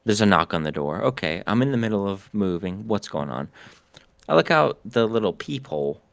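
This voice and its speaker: A man from the northern United States, a podcast co-host, telling a story in a casual, animated and profane way. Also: fairly low pitch, brisk, creaky, no echo.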